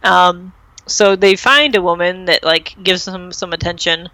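A young woman chats her way through an episode recap, full of "um" and "like" and quick acted quotes. Her voice is bright and forward, recorded dry and close with no room sound. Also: lowish voice, fairly even intonation, dry recording, rough recording. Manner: chatty retelling with many fillers and acted-out quotes. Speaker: podcast host recapping a TV episode. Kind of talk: casual chat.

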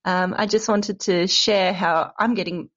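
An Australian woman leaving a casual voice message, relaxed and giggly, with some swearing. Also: medium pitch, unhurried, dull audio.

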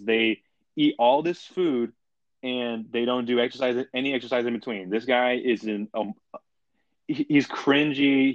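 A man's voice: medium pitch, dry recording, highs cut off. A young man co-hosting a casual podcast chat, blunt and opinionated, talking in slangy, run-on sentences. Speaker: podcast co-host.

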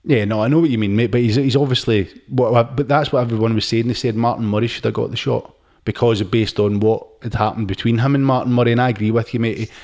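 A man's voice: mid-range voice, fairly even intonation, fast talker, a little mellow. Chatty man hosting a podcast. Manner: chatty, laughs while retelling stories, says mate a lot. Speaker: podcast host. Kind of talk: casual chat.

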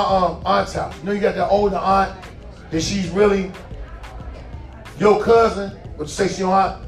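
A male comedian in his forties tells a profane, animated stand-up story. His voice sits high, and he sounds distant in a roomy, echoing hall with faint music underneath. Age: 40s.

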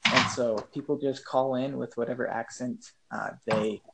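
A man talks casually as a guest on a podcast, pausing often with ums and uhs as he explains. His voice sits at an ordinary middle pitch. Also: fairly even intonation, a crowd in the background, poor audio. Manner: hesitant, full of ums and uhs. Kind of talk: casual chat.

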